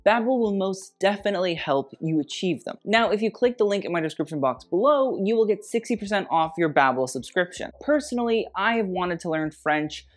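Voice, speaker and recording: A YouTuber giving a sarcastic, snarky fashion critique in a scripted vlog, with wry deadpan asides. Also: mid-range voice, a little fast, few pauses.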